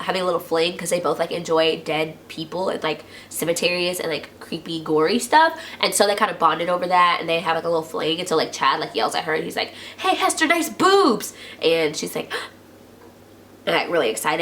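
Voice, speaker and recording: A woman's voice: fairly low pitch, fast talker, hardly any pauses, a little hiss or hum. A woman chattily recapping a TV episode for her channel, full of "like" and acting out quotes. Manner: chatty, heavy use of "like", acts out quotes in lively voices. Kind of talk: casual TV recap.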